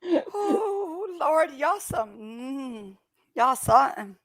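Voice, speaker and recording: A woman's voice: high-pitched, very animated, very slow, no echo. A young woman hosting a live stream in casual, teasing chat, laughing often and talking through a headset.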